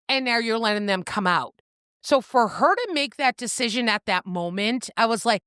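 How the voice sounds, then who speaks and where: A woman's voice: on the high side, lively intonation, normal speed, fairly bright tone, clean tone, no echo, studio quality. A woman co-hosting a casual book-club podcast, retelling the plot with acted-out quotes and a bit of swearing. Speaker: podcast co-host.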